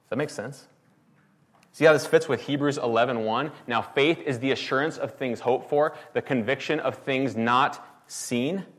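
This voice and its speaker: A man's voice: medium pitch, moderate pace, a bit bright. A man preaching a sermon in an emphatic, conversational way, often asking the congregation rhetorical questions. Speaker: pastor.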